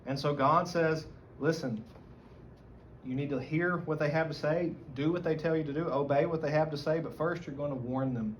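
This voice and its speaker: A man's voice: a little high, moderate pace. A man with a Southern American accent teaching a church Bible study, reading scripture aloud and explaining it earnestly. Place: church meeting room. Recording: dull lo-fi recording, faint room noise.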